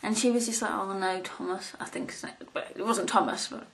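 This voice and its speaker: Rambling, giggly young woman, fairly high. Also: brisk. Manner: rambling and giggly, many ums and restarts. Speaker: vlogger. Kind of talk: casual chat to camera.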